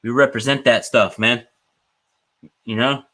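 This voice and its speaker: A man's voice: medium pitch, steady tone, a little slow, bright, forceful tone. A young man hosting a solo sports podcast, talking in an earnest, hyped way and ending nearly every phrase with "man". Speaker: podcast host.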